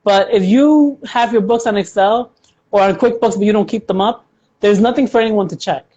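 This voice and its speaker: A woman's voice: mid-range voice, normal speed, mellow, dull audio. A woman guest, an accountant, explaining money matters in a chatty way with examples and frequent fillers. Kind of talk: casual interview chat.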